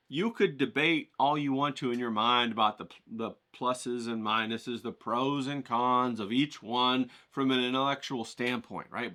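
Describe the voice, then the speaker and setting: The speaker is an art teacher with a motivational style, often pausing to check in with his listener. Animated throughout, he goes higher in pitch whenever excitement takes hold.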